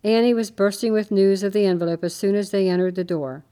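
A woman's voice: medium pitch, steady tone, fast talker, warm tone. A woman reading a Christmas story aloud, changing her voice slightly for each character. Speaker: narrator.

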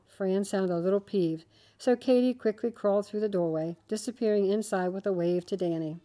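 A woman reading a children's story aloud, with steady, gentle storytelling. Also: medium pitch, normal speed. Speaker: narrator.

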